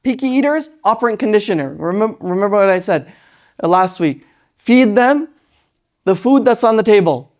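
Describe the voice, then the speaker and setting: A lecturer giving an Islamic parenting lesson. They speak in a lively way, often tag lines with "right?", and briefly act out parents and children. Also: medium pitch, moderate pace. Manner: animated, tags lines with "right?"; acts out parents and children in quoted voices.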